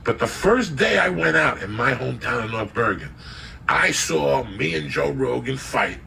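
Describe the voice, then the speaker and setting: Gravelly, profane New storyteller man. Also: medium pitch, moderate pace, recorded from a distance, a little hiss or hum, rough recording. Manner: loud, profane, animated, acts out voices in the tale. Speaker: storyteller guest.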